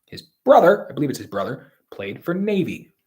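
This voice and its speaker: A man talking through draft picks on his own in a rambling, opinionated way. His voice sits at an everyday middle pitch. He leans hard on his points and restarts sentences as he goes. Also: sing-song, fairly quick, a little mellow. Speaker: sports commentator. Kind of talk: solo football draft commentary.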